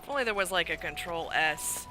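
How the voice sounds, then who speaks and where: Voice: mid-range voice, expressive, a little fast, music in the background, poor audio. A streamer giving live let's-play commentary, often exasperated, swearing and talking back to the game.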